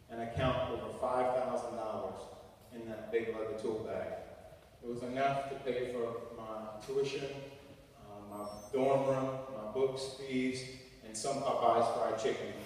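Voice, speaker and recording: A middle-aged man speaking to a school audience, lively and funny as he acts out each person in his stories. His voice sounds distant and bounces around a big hall with a long reverb, over faint background noise. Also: mid-range voice, moderate pace. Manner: animated, humorous, acts out quotes. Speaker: guest speaker. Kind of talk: storytelling speech to students. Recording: echoey hall from far off.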